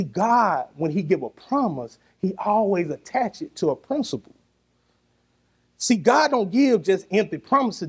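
A male preacher delivers a sermon in a high voice. His pitch rises and falls widely as he calls on the congregation to answer him, and he laughs now and then. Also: breathy edge. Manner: animated preaching with laughs and call-and-response.

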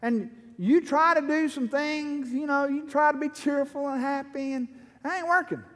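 Fervent high-voiced male preacher in a hall. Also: normal speed, fairly bright tone. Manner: impassioned, rising to fervent pleading in prayer. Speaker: pastor. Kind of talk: sermon. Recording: long hall reverb.

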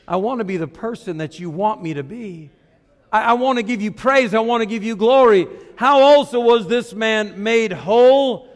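A middle-aged man preaching a sermon as a pastor, asking rhetorical questions and shifting between hushed and loud passages. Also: sits high, moderate pace, long reverb tail.

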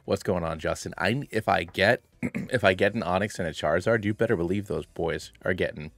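A man's voice: low voice, fairly quick, creaky, dry recording. A man streaming a video game, chatting playfully and greeting his chat by name. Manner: hushed and quiet at first.

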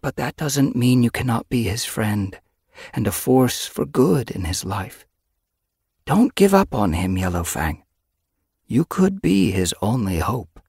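A man doing a wise female spirit cat from a storybook, pitched above his own voice with a slightly husky edge. She speaks softly and gravely with quiet sympathy, in a dry close recording. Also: big pitch swings, a little slow, no echo, exaggerated voice. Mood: gentle. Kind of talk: audiobook character voice.

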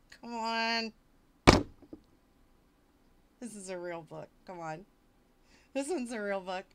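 A woman's voice: mid-range voice, takes it slowly, long pauses, fairly bright tone, clean tone. A woman streamer reading fiction aloud on a casual livestream, breaking off for wisecracking, mock-exasperated asides.

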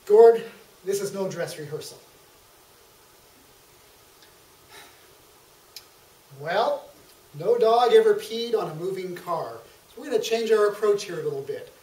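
A man's voice: high voice, expressive, normal speed, dark tone. A man playing a blunt, preachy TV psychologist host who lectures in homespun sayings, in an amateur stage comedy skit. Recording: echoey hall from far off.

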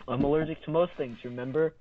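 A man's voice: on the high side, fairly even intonation, quick pace, slight background noise. Goofy rambling guy on a tinny line. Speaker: podcast co-host. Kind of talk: casual chat. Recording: tinny phone-like sound.

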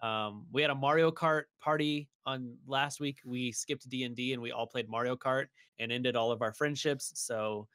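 A young man co-hosting a casual podcast, telling rambling, animated stories. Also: mid-range voice, moderate pace, few pauses, dry recording, clean studio sound. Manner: rambling, animated storytelling with shouted impressions. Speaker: podcast co-host. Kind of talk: casual chat.

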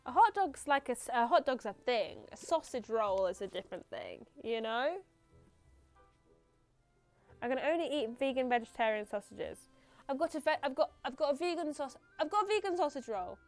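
Brief: young woman, female streamer, higher voice, rambling playful game chat, light music under. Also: lively intonation, normal speed. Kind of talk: live game commentary, chatting with viewers.

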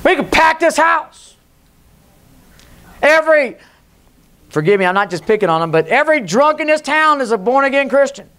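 A middle-aged man preaching a Pentecostal sermon, jumping between loud calls and low intense passages. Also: lively intonation, normal speed, pauses often. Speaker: pastor. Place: church sanctuary.

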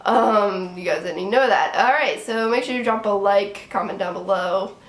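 A young woman with a sinus infection ranting casually to camera as a sports vlogger, animated and exasperated, often asking "right?". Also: mid-range voice, roomy sound. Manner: animated, exasperated, talks in quick bursts with many "right?"s. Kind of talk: casual fan rant to camera.

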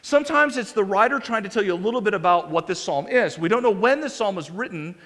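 A male pastor preaching a sermon in a conversational, animated way, with many restarts and acted quotes. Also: high voice, fast talker. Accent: American. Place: church sanctuary. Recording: long hall reverb.

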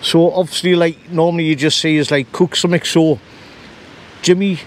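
A man's voice: fairly high pitch, fairly even intonation, moderate pace. An easygoing man chatting at a windy woodland camp. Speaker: camping companion. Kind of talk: casual chat to camera.

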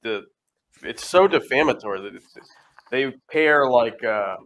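A man's voice: mid-range voice, animated, measured pace, fairly bright tone. A man hosting a casual interview, mostly giving short acknowledgements. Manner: reactive, many short acknowledgements.

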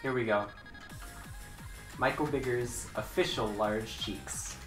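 A woman streaming a game with casual commentary, excitable and swearing, breaking into mock-angry yelling. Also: rumbling low, takes it slowly. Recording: roomy with faint background music.

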